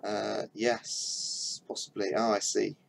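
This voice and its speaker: A man's voice: on the low side, level tone, slow pace, creaky, a little hiss or hum, low-quality recording. A young man thinking aloud in casual commentary while he builds a game map on a live stream, with mumbled asides as he works.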